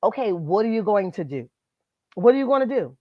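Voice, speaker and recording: A woman's voice: medium pitch, big pitch swings, fairly quick, no echo, muffled recording. A woman hosting a casual live stream, commenting on celebrity gossip in an emphatic, sassy way and talking straight to her chat, speaking. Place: at her workplace, indoors. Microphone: computer mic.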